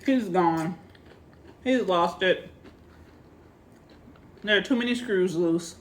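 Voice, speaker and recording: A woman with a fairly low voice recaps a film plot in a casual, chatty way. She talks straight to her viewers. Faint hiss sits under her voice. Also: slow pace. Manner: animated retelling, acting out characters' lines; chatty, addresses viewers directly. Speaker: movie reviewer. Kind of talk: casual spoken movie recap.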